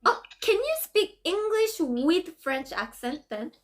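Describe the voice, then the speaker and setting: A bubbly woman from Korea hosts a casual live stream, laughing often as she talks. Her voice sits very high and swings widely in pitch, full of animated energy. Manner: bubbly, laughs often, quick shifts between languages. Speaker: host. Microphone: phone call over social media app.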